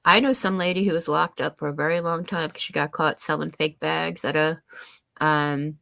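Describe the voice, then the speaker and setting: A woman chatting on her own live stream, rambling with a steady run of "um"s, "like"s and restarted sentences. Her voice sits a little low, her nose sounds slightly stuffy, and the sound is close and dry, with no room echo. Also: moderate pace, gravelly. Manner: rambling, many fillers and restarts. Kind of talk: casual chat.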